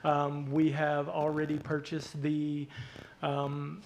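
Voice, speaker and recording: Halting Arkansas-accented man with a flat voice. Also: fairly high pitch, gravelly, slight background noise, rough recording. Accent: Arkansas twang. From southeast Arkansas. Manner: halting, many fillers and repeated words. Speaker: hospital CEO. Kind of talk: public remarks at a council meeting.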